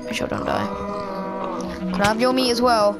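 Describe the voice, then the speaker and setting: A woman's voice: a little high, fairly even intonation, fairly quick, over loud music. A young woman giving rambling, giggly let's-play commentary, cracking crude jokes and talking to herself. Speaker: gameplay commentator.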